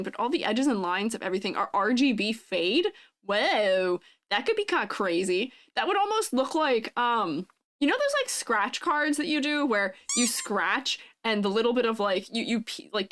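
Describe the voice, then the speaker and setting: A woman's voice: medium pitch, fairly bright tone. A woman in her twenties chatting casually on a live stream, bubbly and giggly as she reads and answers chat. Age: 20s. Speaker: vtuber streamer.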